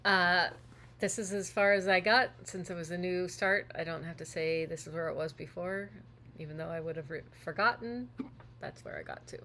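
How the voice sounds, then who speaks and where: A woman's voice: on the low side, moderate pace, bright, forceful tone, slight background noise. A woman co-hosting a casual chat about her cross-stitch projects, chatty and laughing often. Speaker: co-host.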